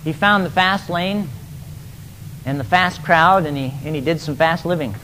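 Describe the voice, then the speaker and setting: A man's voice: a little high, normal speed, pushed and bright, slight background noise, low-quality recording. A man preaching, retelling a parable emphatically and often repeating words as he goes. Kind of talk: sermon storytelling.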